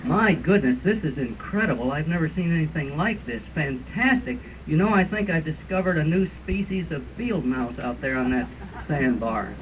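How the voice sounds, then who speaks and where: A man's voice: on the high side, pitched below the performer's own voice, lightly acted. A man doing a know-it-all bird-walk leader. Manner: mock-authoritative lecturing, imitates bird calls. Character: fussy older male birding tour leader. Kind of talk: comic impression at a roast dinner. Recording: tinny lo-fi 1970s tape with hiss.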